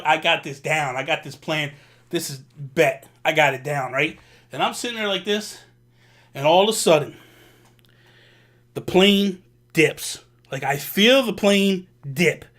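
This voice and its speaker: Bright-voiced animated man telling a story. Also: high-pitched, unhurried. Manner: animated, with casual slang and acted asides. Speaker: vlog host. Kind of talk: storytelling to camera.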